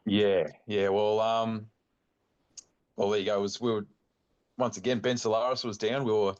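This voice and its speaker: Middle-aged Australian male guest, low-pitched, loose and animated storyteller. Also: moderate pace, clear, resonant tone, muffled recording. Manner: rambling, animated anecdote telling with many fillers. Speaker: guest, bowhunting club chairman. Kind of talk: casual storytelling chat.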